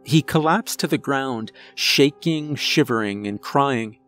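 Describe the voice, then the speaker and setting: Slow-paced man narrating a horror story. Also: mid-range voice, fairly bright tone. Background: faint music.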